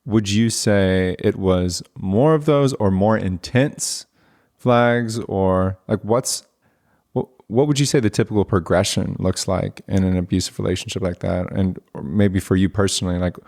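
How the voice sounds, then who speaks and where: A man's voice: low voice, a little slow, gravelly, darkish tone. A man hosting a podcast, asking reflective questions and ending points with "right?". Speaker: podcast host. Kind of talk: conversational interview.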